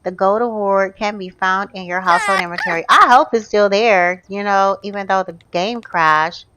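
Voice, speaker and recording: A woman giving animated, chatty commentary over her gameplay, often calling out to her viewers. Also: mid-range voice, moderate pace, a little hiss or hum. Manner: animated, gasping, chatty, addresses viewers as y'all. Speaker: gaming YouTuber. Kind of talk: casual let's-play commentary.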